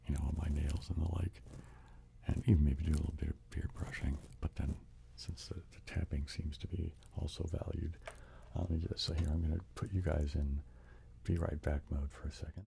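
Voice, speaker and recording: A man's voice: very deep voice, creaky, mellow, a little hiss or hum. A man hosting a live stream in casual chat, thanking viewers by name between ASMR sounds.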